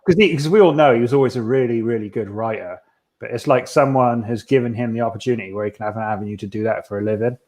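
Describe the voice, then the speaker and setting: A man co-hosts a casual podcast and talks cheekily, swearing freely. His pitch is ordinary and middling. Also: fast talker, darkish tone. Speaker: podcast co-host. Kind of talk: casual banter.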